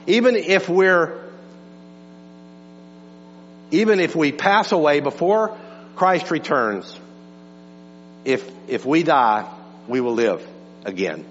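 A man with a slightly high voice preaches in a church, emphatic and full of repeated words, sinking low and then climbing again. The sound is dull and lo-fi, with long reverb trailing each phrase and a faint mains hum underneath. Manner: emphatic, repeats words, swings from hushed to raised. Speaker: pastor. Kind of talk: sermon.

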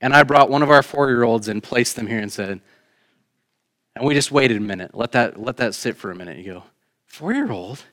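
A man preaching a sermon in a church, shifting between emphatic raised lines and quiet, conversational asides. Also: mid-range voice, a little fast. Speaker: pastor. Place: church sanctuary.

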